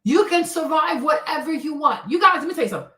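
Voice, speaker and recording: A woman's voice: high-pitched, lively intonation, fast, sharp tone. A woman in her forties hosting a live stream, ranting bluntly and preachily in casual talk and often asking "right?". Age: 40s. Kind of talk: casual livestream rant. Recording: echoey room, voice a bit far from the mic.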